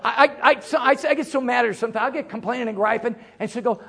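A middle-aged man preaching a sermon as pastor, folksy and joking, swinging from loud emphasis to low asides. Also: fast talker, vocal fry, few pauses, husky.

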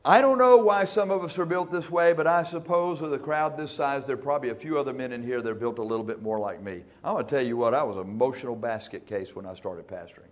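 A male pastor preaching in a church, folksy and emphatic, speeding up and slowing down for effect. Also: medium pitch. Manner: folksy, emphatic, shifting between fast and slow. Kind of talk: sermon.

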